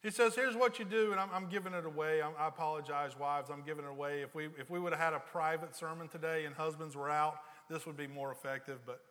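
A man preaching a sermon, telling stories with rising energy and then dropping low and slow for serious points. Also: steady tone, in a large hall. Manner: storytelling, builds loud and high for anecdotes, drops low and slow for serious points. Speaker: pastor.

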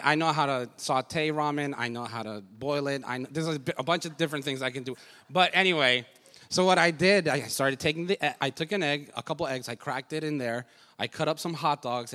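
A man spins a self-mocking story about his marriage for an audience, his voice bright and forceful. He is animated and laughs at himself along the way. The sound carries a long reverb, as in a large church hall. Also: mid-range voice, a little fast. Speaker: husband sharing a testimony.

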